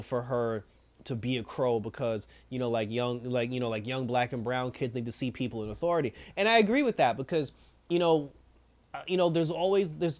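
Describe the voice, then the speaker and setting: Rambling man recapping a TV episode. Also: mid-range voice. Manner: rambling, many fillers, acts out quotes, laughs often. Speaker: TV review host.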